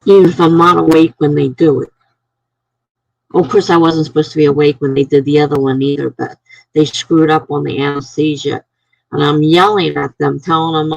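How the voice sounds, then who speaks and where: A woman's voice: low-pitched, steady tone, normal speed, vocal fry, no echo, low-quality recording. A woman chatting casually on a live stream, telling a rambling story to her viewers and sounding tired.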